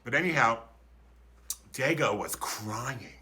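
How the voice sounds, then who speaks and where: Slow and animated, his tone bright and forceful, a Philadelphia man in his fifties delivers a comic story over a livestream. The performance is flamboyant and campy, punctuated by sudden high-pitched bursts.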